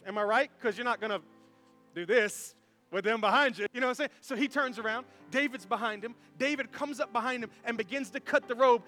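A man preaching a sermon as pastor, animated and conversational, full of rhetorical questions to the congregation. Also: very high-pitched, fairly quick, faint music behind.

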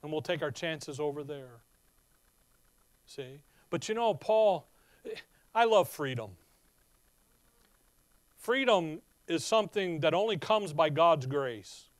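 Guy preaching a sermon, pretty high voice, punchy and chatty, keeps asking the crowd questions, dry sound. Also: expressive, slow, long pauses, no echo. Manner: emphatic and conversational, with rhetorical questions. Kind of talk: sermon with Bible reading.

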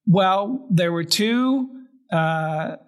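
A man's voice: high-pitched, lively intonation, extremely slow. A man co-hosting a sports podcast, telling stories in a rambling way with many fillers and easy laughter. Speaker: team writer and podcast co-host. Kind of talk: casual sports chat.

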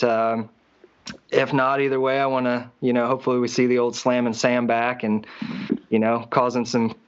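A man's voice: mid-range voice, clear, resonant tone, dull audio. A man hosting a podcast and chatting with a fellow racer in an easygoing, rambling way. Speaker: podcast host, flat track racer. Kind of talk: casual podcast chat.

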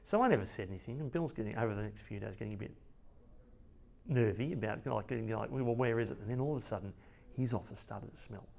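An Australian man in a podcast interview, telling a rambling, lively story about a friend, with many restarts and acted-out quotes. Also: fairly low pitch, quick pace, creaky. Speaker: friend and colleague of the late cartoonist.

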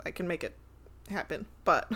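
A woman's voice: on the low side, moderate pace, fairly bright tone. A young woman in casual chat, telling work stories and laughing often between lines. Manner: giggly storyteller, laughs often, acts out customers. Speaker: store clerk.

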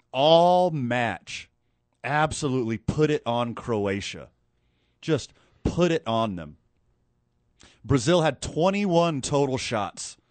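A man chatting casually about soccer, recounting the game in an animated, excitable way with quick asides. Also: medium pitch, dry recording. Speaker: co-host. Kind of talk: casual sports chat.

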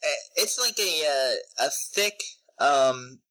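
A young man co-hosting a podcast, chatting casually with animated, incredulous reactions. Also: on the high side, slow, dry recording, poor audio. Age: young adult. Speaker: podcast co-host. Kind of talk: casual chat.

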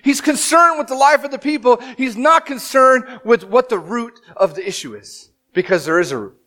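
A man in his thirties preaching a sermon as pastor, telling the story with animated, dramatic acted-out quotes. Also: extremely high pitch, moderate pace.

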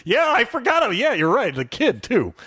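Bright-voiced man in casual chat. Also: very high-pitched, wildly swooping pitch, moderate pace, breathy edge, no echo, clean studio sound. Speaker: podcast co-host. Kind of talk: casual movie discussion.

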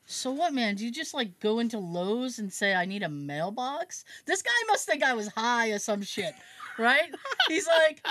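There's slight background noise as a woman with a fairly high, expressive, sharp-toned voice talks at a moderate pace. The casual podcast host acts out what people said in her story, laughs at herself, and swears casually.

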